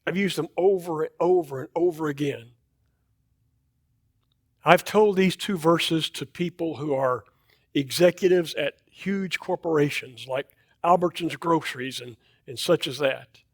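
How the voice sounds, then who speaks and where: A man's voice: fairly high pitch, measured pace, dry recording, clean studio sound. A man preaching a sermon in a church, talking in a loose, conversational way and often repeating and restarting words. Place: church auditorium.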